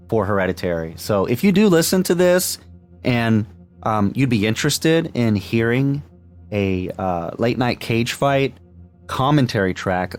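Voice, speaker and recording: Chatty low-voiced man on a podcast. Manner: chatty, laughs often, many fillers and restarts. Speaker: podcast co-host. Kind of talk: casual movie podcast chat.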